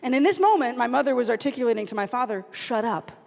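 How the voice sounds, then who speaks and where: A young woman from the American South giving an animated storytelling talk at a youth conference, acting out her family members as she goes. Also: on the high side, racing, creaky. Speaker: conference speaker. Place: large conference hall. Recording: long hall reverb.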